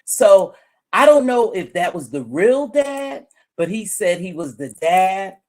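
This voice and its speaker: A woman's voice: mid-range voice, sing-song, takes it slowly, darkish tone. A woman giving a casual commentary monologue, chatty and musing, repeating her points and chewing gum as she talks. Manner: chewing gum while talking. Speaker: YouTube commentator.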